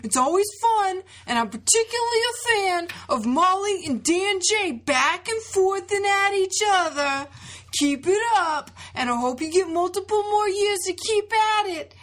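A woman putting on a gushing Southern-accented fan who reads out her own review in a high, sugary, overly sweet voice. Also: lively intonation, measured pace, a bit bright, full character voice.

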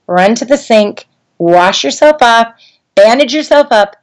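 A woman's voice: a little high, unhurried. Chatty woman trainer telling a story. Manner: conversational, animated in storytelling, frequent ums. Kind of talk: instructional talk with personal story.

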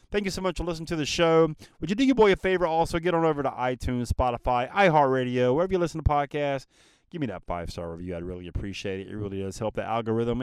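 An earnest male podcast host tells a story in a casual monologue. His voice is smooth and clear at a middle pitch. The sound is dry and close. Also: darkish tone, dry recording. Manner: earnest, emphatic, talks straight to listeners.

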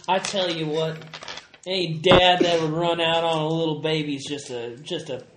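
A man playing a brash swaggering male city visitor, folksy and boastful, a higher voice, echoey room, chatter behind. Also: steady tone, normal speed, close to an everyday voice.

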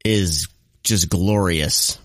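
A man's voice: low voice, drawn-out words, fairly bright tone, no room sound, studio quality, soft background music. A man co-hosting a casual podcast, throwing in jokes and poking fun at his own bad puns. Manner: joking, self-deprecating quips. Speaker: podcast co-host. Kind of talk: casual chat.

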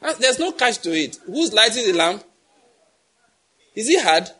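A middle-aged Nigerian pastor preaches in a high, husky voice. He drives his points home emphatically and keeps firing the same question at the congregation until someone answers. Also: very animated, measured pace, bright, forceful tone. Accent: Nigerian English. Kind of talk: sermon.

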